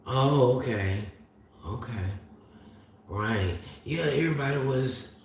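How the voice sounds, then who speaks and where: A man's voice: mid-range voice, animated, slow pace, a little hiss or hum. A man from Florida with a Southern accent, rambling in casual livestream chat and answering viewers' comments. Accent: Southern US (north Florida). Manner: rambling, drawling, talks back to chat. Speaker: livestream host. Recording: very echoey room, distant mic.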